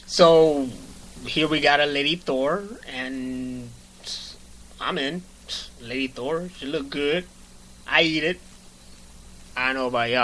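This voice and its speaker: Brief: bright-voiced, joking male podcast host, loud and playful. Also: medium pitch, slow, slight background noise, rough recording. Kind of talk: casual podcast chat.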